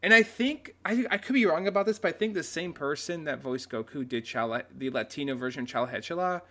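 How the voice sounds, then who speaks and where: A man's voice: fairly high pitch, expressive, quick pace, bright, forceful tone. A man hosting a casual reaction video who rants, swears often and restarts his sentences a lot. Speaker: video host.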